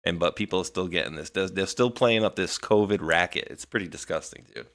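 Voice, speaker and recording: A man with a very low voice co-hosts a live talk stream, talking in a loose, rambling way full of restarts and asides. He sounds indignant as he chats about current events. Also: expressive, brisk, a bit bright. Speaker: co-host of a weekly live show. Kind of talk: casual political chat.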